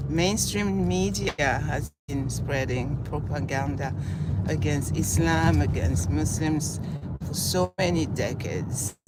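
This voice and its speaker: A woman from Senegal, raised in France, speaks in an impassioned commentary vlog. She has a groggy morning voice and piles up her points in repeated lists as she heads to work. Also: low voice. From born in Senegal, raised in southern France. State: groggy morning voice, just woke up. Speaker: vlogger. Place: outdoors on a city street, on her way to work. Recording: street traffic noise behind the voice.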